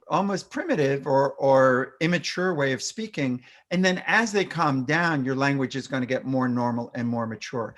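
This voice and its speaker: Give me a fairly high-voiced male doctor chatting about parenting, who sometimes breaks into demonstrations. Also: a bit bright. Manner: explanatory, acts out parent-child phrases; frequent fillers and restarts. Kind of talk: fireside chat webinar.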